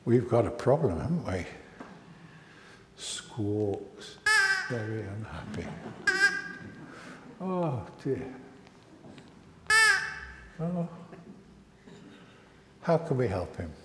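A man, a licensed lay minister, leading a family service with a puppet, gentle and coaxing with children. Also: medium pitch, sing-song, slow pace, long pauses, noisy background. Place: church. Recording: echoey church hall.

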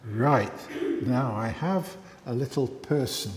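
A man leading a church service, reading scripture and then speaking to children in a measured, expressive way. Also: mid-range voice. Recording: echoey, reverberant large room.

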